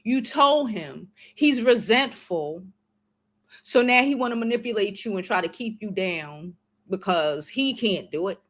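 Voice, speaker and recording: A woman's voice: mid-range voice, lively intonation, a little slow. A woman in her forties, hosting a livestream and giving blunt, slangy, profane advice in casual chat to her viewers. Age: 40s. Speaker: livestream host.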